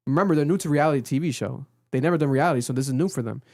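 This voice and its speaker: Animated storytelling man, fairly high voice. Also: racing. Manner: animated storytelling, acts out quotes with big pitch jumps. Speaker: podcast co-host. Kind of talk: casual chat recapping a reality show. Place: podcast studio.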